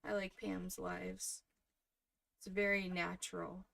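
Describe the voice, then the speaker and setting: A woman in her thirties hosting a crafting livestream, chatting softly and casually with her viewers while she works. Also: fairly low pitch, flat delivery, slow pace, vocal fry, slight background noise. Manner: soft-spoken, chatty, talks to viewers in the chat.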